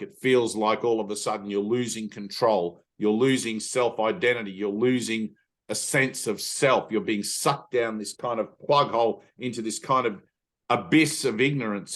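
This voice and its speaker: A middle-aged man giving an earnest spiritual teaching talk, emphatic, swearing casually, and often checking in with "right?". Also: fairly low pitch. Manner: frequent "right?" tag questions.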